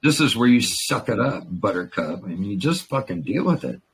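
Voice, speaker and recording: A man's voice: lowish voice, very animated, normal speed, a bit bright, breathy edge. A man who is a veteran, talking in a rambling, profane and emotional way in a casual chat. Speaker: veteran in a conversation.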